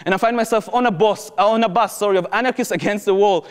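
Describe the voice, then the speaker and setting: A young adult man from Israel with an Israeli accent, telling a personal story to an audience in an animated way, acting out what people said, in non-native English. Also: high voice, fast talker, clear, resonant tone. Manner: animated, acts out quoted speech, non-native phrasing. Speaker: former soldier giving testimony. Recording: reverberant hall, live talk.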